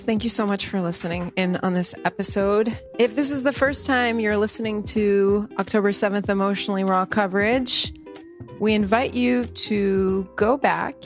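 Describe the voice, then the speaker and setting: A woman hosting a podcast, speaking in an effusive, chatty way as she thanks a guest and runs through past episodes. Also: mid-range voice. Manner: warm-hearted, effusive, chatty. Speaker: podcast host. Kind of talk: podcast interview and outro.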